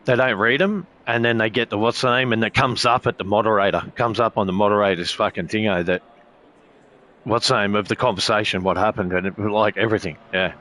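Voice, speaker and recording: A man's voice: on the low side, steady tone, brisk, fairly bright tone. A man chatting casually as a sim racing streamer, rambling with heavy swearing and frequent filler phrases. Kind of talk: casual chat.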